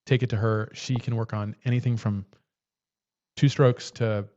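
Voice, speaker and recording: Relaxed man chatting on a lo-fi stream. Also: fairly low pitch, normal speed. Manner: relaxed, hesitant, many fillers. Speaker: livestream host. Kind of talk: casual livestream chat.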